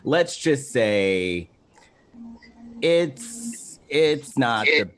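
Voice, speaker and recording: Man, podcast host, casual chat, eager, laughs a lot, mid-pitched voice. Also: animated, extremely slow, a bit bright, a little hiss or hum. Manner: enthusiastic, laughs often, repeats reassurances.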